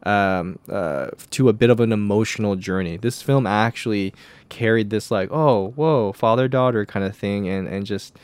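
A man co-hosting a casual movie review podcast, talking loosely and animatedly, acting out quoted lines with jumps in pitch. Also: moderate pace, smooth, no room sound. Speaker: podcast co-host. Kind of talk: casual film review chat.

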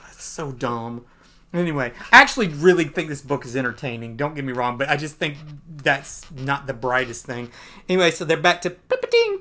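A man's voice: on the high side, lively intonation, normal speed, bright, forceful tone. Male podcast co-host, casual and rambling, laughs through a comic recap. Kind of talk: casual comic book review chat.

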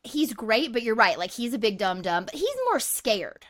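Chatty young woman, slightly high voice. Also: normal speed. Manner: chatty, animated, laughs often. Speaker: podcast co-host. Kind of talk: casual movie review chat.

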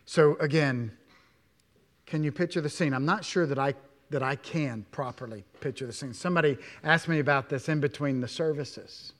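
A male pastor preaching a sermon in a church, stressing words loudly, then dropping to hushed asides, with many rhetorical questions. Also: on the high side, normal speed. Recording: long hall reverb.

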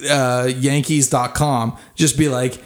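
A man's voice: mid-range voice, little pitch movement, slow. A man co-hosting a casual podcast with friends, teasing and laughing as he reads a mock sponsor spot. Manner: laughing, teasing, self-mocking. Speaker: podcast co-host. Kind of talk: joking banter.

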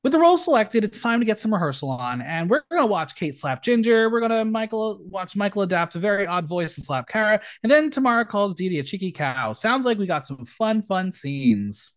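A man's voice: high voice, brisk, few pauses. A man hosting a podcast, recapping a reality show in a gossipy, campy way. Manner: animated, gossipy, campy asides. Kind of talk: casual chat.

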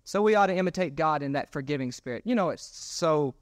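High-voiced preacher, dry sound. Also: male voice, lively intonation, fairly quick, no echo. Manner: earnest, repeats key phrases for emphasis. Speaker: pastor. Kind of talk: sermon. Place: church sanctuary.

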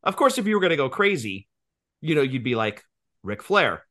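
Bright-voiced joking podcast man. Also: fairly high pitch, very animated, moderate pace. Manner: joking, profane, explains at length. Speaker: podcast co-host. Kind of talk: casual podcast banter.

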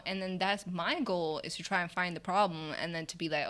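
Woman, slightly low pitch, candid and animated, quick to laugh, acting out quotes in casual conversation.

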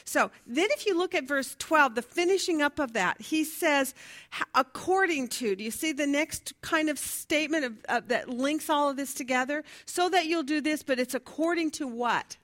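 A high-pitched, somewhat bright female voice at a moderate pace guides a Bible study class, questioning listeners and reading notes in a conversational manner. She stumbles over her notes and chuckles at herself.

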